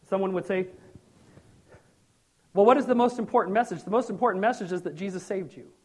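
Man preaching, high voice, animated, jokey, sudden loud bursts, middle-aged. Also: fairly quick, slightly rough. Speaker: pastor. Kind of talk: sermon.

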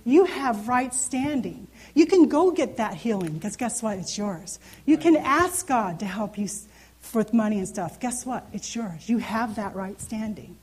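Her voice is fairly high, animated, and unhurried, with a darkish tone and a breathy edge. The woman, in her thirties, teaches the Bible informally through a handheld microphone, earnestly conversing and regularly asking her audience questions.

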